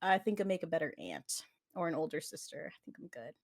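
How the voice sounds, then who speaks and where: Young woman, podcast co-host, relaxed storyteller, laughs through her anecdotes. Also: low-pitched, quick pace. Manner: storytelling with frequent laughs and fillers. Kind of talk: casual chat.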